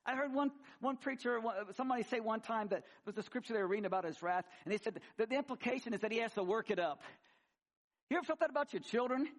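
A middle-aged man preaching a sermon, swinging between loud, high emphasis and quiet, low asides. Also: expressive, quick pace. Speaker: pastor.

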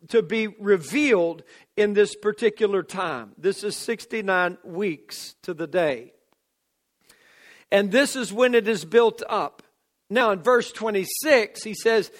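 A man delivers a sermon in a strikingly high voice. He takes his time, stretching out each phrase. His delivery is emphatic and builds into fervent declarations. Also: fairly bright tone. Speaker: preacher.

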